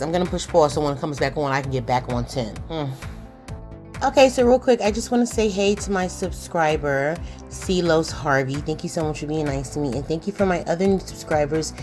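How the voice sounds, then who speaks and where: A woman with a fairly low voice talks through a TV show like a friend on the couch. She rants with sass and plenty of slang. Faint music sits quietly behind her. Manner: sassy, animated ranting with slang. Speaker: TV show reviewer. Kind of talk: casual reaction commentary.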